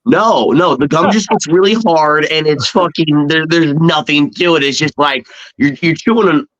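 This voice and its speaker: A man's voice: on the high side, normal speed, fairly bright tone. A man in a casual group podcast chat, swearing and sounding incredulous. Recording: dull lo-fi audio.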